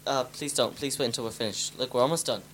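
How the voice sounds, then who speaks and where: A man's voice: mid-range voice, quick pace, fairly bright tone. A man co-hosting a podcast with his sister, chatting hesitantly and teasing her dryly. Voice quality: hesitant, full of restarts, dry teasing. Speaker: podcast co-host. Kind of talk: casual chat.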